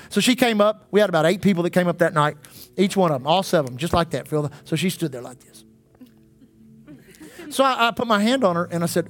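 High-pitched preacher guy, fervent, leading a church service, soft music behind. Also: animated, a little fast. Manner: fervent, calls out to congregation.

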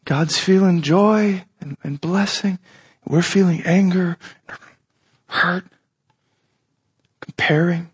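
Animated high-voiced male preacher. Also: slow, long pauses, husky. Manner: animated, acts out quoted voices with rising pitch; conversational, with asides and restarts. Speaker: pastor. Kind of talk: sermon.

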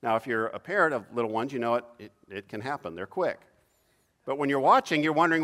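A man preaching a sermon in an animated way, acting out cries with sudden loud, high bursts. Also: fast talker. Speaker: pastor.

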